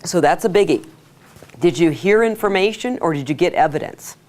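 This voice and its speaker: A woman teaching a sales workshop to a live audience, energetic, asking the room questions and acting out quotes. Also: lowish voice, moderate pace. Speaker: sales trainer. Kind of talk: workshop lecture.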